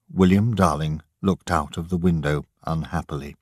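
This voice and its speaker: A man narrating a story slowly and deliberately for English learners. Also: very deep voice, fairly even intonation, a little mellow, no room sound, studio quality. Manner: slow, clear, deliberate reading.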